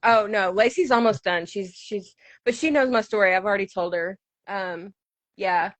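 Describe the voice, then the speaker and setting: A woman in her thirties hosting a podcast in a casual chat, quick and chatty and laughing often. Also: mid-range voice, a bit bright, no echo. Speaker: podcast host.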